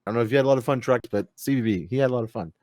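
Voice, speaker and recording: A man's voice: mid-range voice, racing, a little mellow, no room sound, clean studio sound. A man hosting a live-streamed gaming talk show, chatting loosely with lots of fillers and the odd swear word. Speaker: podcast host. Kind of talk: casual live-stream chat.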